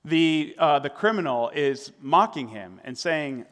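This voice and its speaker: Male pastor, slightly higher voice, casual sermon delivery, church hall echo. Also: lively intonation, unhurried, hardly any pauses, a bit bright. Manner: conversational, with fillers and tag questions.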